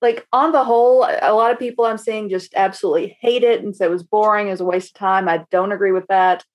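Chatty animated woman co-host. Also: medium pitch, quick pace, dull audio. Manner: animated storytelling, acts out her own reactions, casual swearing. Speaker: podcast co-host reviewing a horror movie. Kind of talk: casual chat.

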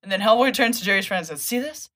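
A woman's voice: mid-range voice, rapid-fire. A woman casually recapping a comic story on a podcast, acting out the characters' lines with laughs. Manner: animated retelling, acts out characters' lines with laughs. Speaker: podcast host.

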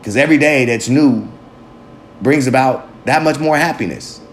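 At a moderate pace and in a mid-range voice, a vlog host pumps himself up with a casual, profanity-filled motivational monologue, talking emphatically to himself. Slight background noise, echo, and faint ambience fill the recording.

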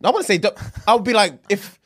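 A man in casual banter, stubborn and deadpan. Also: high-pitched, slightly rough. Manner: quick, stubborn, deadpan refusals.

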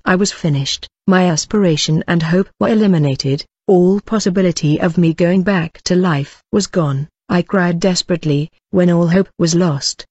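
A man's voice: high voice, darkish tone, dry recording, lo-fi sound. A man earnestly narrating a religious testimony to his listeners in a solemn manner.

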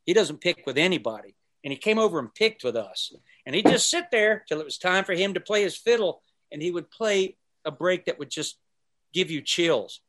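A man telling stories as a podcast guest, his voice sitting a little high and swinging widely in pitch. He talks casually and animatedly, acting out the people he quotes. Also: moderate pace. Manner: animated storyteller who acts out quotes and sings snippets. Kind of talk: casual storytelling conversation.

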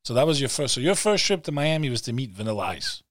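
A man hosting a podcast, asking quick, conversational follow-up questions. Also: medium pitch, very animated, dry recording, clean studio sound. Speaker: podcast host. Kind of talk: casual interview.

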